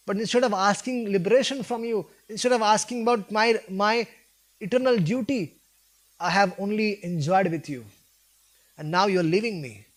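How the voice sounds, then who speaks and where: High-pitched guy preaching, tells the story and acts out the lines, asks the crowd stuff. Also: a bit bright. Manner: storytelling, voicing quoted characters with emotion; asks listeners questions. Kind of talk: devotional scripture talk.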